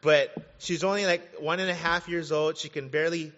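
Male pastor, 30s, lively conversational sermon, bright forceful voice, muffled sound. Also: on the high side, moderate pace. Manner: animated, conversational preaching with asides. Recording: dull sound, long hall reverb.

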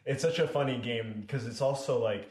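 A man's voice: mid-range voice, normal speed, a little mellow, reverberant. A man hosting a casual conversation, talking loosely with fillers and swearing. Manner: casual and profane, many fillers. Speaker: host.

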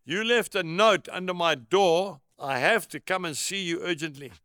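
A man's voice: high-pitched, normal speed, clean tone, no echo, clean studio sound. A man reading as an eager, urgent pastor. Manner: urgent, excited. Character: eager male town pastor.

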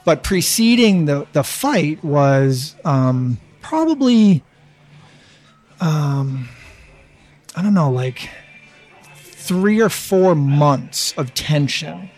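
A man in his fifties chatting casually, halting with restarts and swearing freely. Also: on the high side, very animated, a little mellow, soft background music. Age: 50s. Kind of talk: casual chat.

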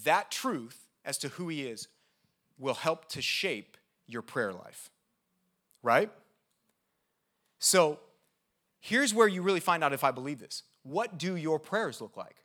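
A man preaching a sermon in a conversational, energetic way, often checking in with his listeners. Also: a little high. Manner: conversational, checks in with "okay?" and "right?"; energetic and animated, with quick asides. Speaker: pastor.

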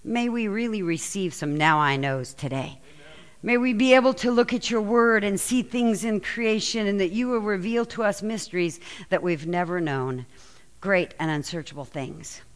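A woman pastor preaching a sermon and reading scripture aloud, telling the story with lively, acted-out quotes. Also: mid-range voice, moderate pace. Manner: animated storytelling, acts out quoted lines.

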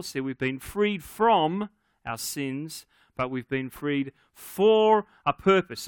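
A man delivers a sermon with earnest emphasis, leaning into key words and letting pauses land. His voice sits a little high and comes across smooth and crisp. The sound is close and dry, with almost no room around it. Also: animated, fairly bright tone, no room sound. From Scottish ancestry on father's side. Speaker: pastor.

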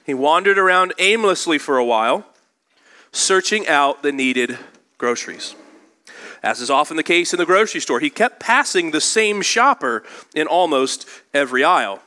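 A male pastor preaching a sermon in a church, moving from slow scripture reading into lively storytelling. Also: a little high.

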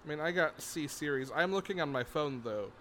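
A man's voice: a little high, lively intonation, fairly quick, fairly bright tone, a little hiss or hum. A man co-hosting a casual podcast, chatting in a playful, jokey way. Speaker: podcast co-host.

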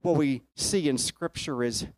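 A man's voice: a little high, unhurried, no echo. A man preaching a sermon, retelling a Bible story and putting questions to his listeners.

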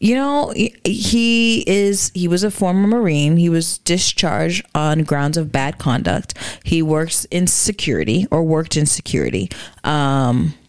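A woman's voice: deep voice, measured pace, clean tone. A woman co-hosting a casual chat, questioning and skeptical, thinking aloud with restarts. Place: Charlotte area, US.

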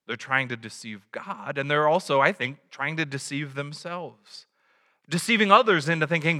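A man's voice: a little high, normal speed, pushed and bright, big-room sound. A man preaching a sermon in a conversational way, a father who acts out little quotes. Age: adult, has a child. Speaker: pastor.

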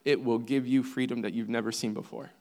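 A man's voice: medium pitch, fairly even intonation, brisk, darkish tone. A man, the church's pastor, introducing a guest speaker to the congregation, emphatic and enthusiastic, repeating his points for weight. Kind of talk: sermon introduction. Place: church sanctuary.

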